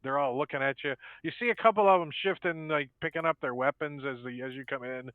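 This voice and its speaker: Game master guy rambling through a scene, highish voice, tinny dry sound. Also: fast, smooth, no echo. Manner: loose, rambling narration with many fillers. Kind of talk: narrating an online tabletop game. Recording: tinny dry phone-like line.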